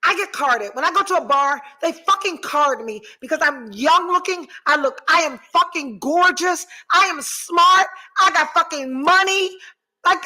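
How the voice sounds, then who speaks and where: A woman's voice: very high-pitched, expressive, normal speed, sharp tone, low-quality recording. A woman in her forties hosting a podcast, chatting candidly and with lots of profanity, swinging theatrically between mock despair and laughter as she reads out viewer comments. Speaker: podcast host.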